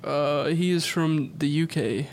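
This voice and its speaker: A man with a higher voice co-hosts a casual podcast chat. He is blunt and teasing and swears freely. A faint background noise runs under the recording. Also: unhurried. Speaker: podcast co-host.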